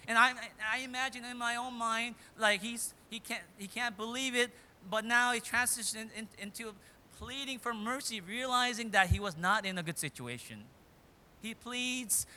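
A man preaching a sermon, retelling a story dramatically and swinging between loud and hushed delivery. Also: very high voice, normal speed, slight background noise.

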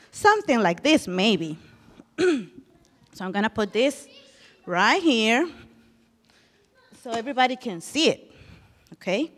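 High, lively woman telling children a Bible story. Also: in a large hall. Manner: animated, asks children questions. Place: church.

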